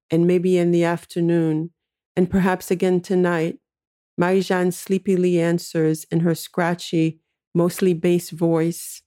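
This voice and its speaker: A woman reading a literary short story aloud in a measured, unhurried narration. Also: on the low side, mellow.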